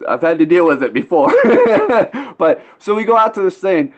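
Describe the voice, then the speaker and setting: A man's voice: high-pitched, huge pitch swings, normal speed. Laid-back rambling male storyteller, lo-fi. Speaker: podcast host. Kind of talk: casual storytelling chat.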